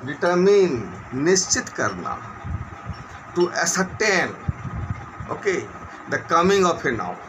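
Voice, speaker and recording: A man teaching a grammar lesson to students, explaining slowly and repeating definitions, with quick asides in Hindi. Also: on the high side, very animated, a bit bright, highs cut off, slight background noise. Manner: switches to rapid Hindi asides. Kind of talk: classroom lecture.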